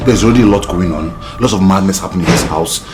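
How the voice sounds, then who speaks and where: An actor with a Nigerian accent playing a man who pleads with two women to calm down. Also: low-pitched, fast talker, noisy background, close to an everyday voice. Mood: pleading. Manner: pleading, placating. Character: harried young man trying to calm a fight.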